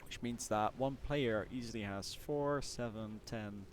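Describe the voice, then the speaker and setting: A man casting a strategy game tournament, calmly walking through the map layout in casual commentary. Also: fairly low pitch, a little slow, a little hiss or hum. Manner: relaxed, explains maps step by step. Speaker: caster.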